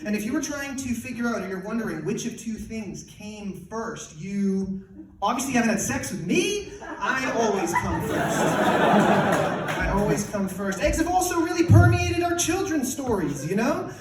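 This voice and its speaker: A man in his thirties from Canada works a comedy club stage, excitable and prone to sudden shouts. His voice sits very high and leaps around wildly as he tells his bit. The sound is roomy and distant, with a roaring crowd laughing behind him. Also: normal speed, music in the background. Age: 30s. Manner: animated, excitable, bursts into shouts. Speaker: stand-up comedian. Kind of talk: stand-up comedy. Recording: echoey club from far off, loud crowd laughter. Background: audience laughter.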